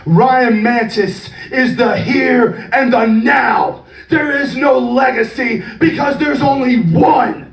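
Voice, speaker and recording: A man delivering an intense, shouted wrestling promo with a heavy rhythmic cadence. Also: extremely high pitch, takes it slowly, creaky, hardly any pauses. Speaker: wrestling student. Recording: echoey room from far off.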